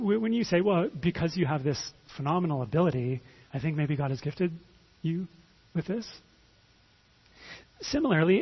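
A man preaches in a relaxed, conversational way, often stumbling over repeated words as he begins a thought. His voice sits high for a man and sounds very husky. The recording is dull and lo-fi. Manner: conversational, repeats words when starting phrases. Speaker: pastor. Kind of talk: sermon.

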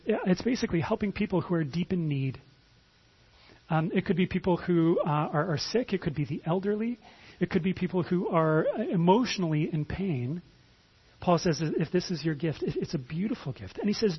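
A man's voice: high-pitched, breathy edge, highs cut off. A pastor giving a conversational sermon, often repeating words as he starts a phrase.

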